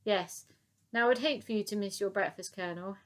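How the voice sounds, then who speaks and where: A woman's voice: mid-range voice, brisk, lightly acted. A woman voicing a short, cheerful old male soldier with a musical Welsh accent. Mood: sing-song. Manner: musical, sing-song, scoffing.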